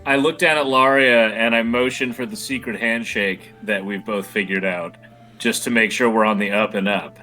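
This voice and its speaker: A man playing a tabletop role-playing game, animated and joking. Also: lowish voice, moderate pace, soft background music. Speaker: player.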